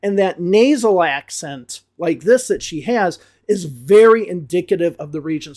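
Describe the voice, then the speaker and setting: A man with a Chicago north side accent, an English teacher explaining his ratings at length with drawn-out emphasis. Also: high-pitched, a little mellow. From northern suburbs of Chicago. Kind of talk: video review, explaining to camera.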